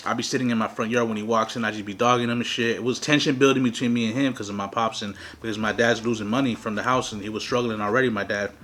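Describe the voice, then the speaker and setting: A man's voice: fairly low pitch, fast, few pauses. A young man hosting an eating show, telling a story casually and animatedly with lots of slang and swearing. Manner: profane, slangy, animated retelling. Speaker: mukbang host.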